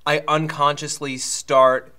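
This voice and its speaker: A man's voice: on the high side, little pitch movement, slow pace, pushed and bright, smooth. A man co-hosting a casual panel chat, easygoing, with dry quips and many short agreements. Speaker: co-host.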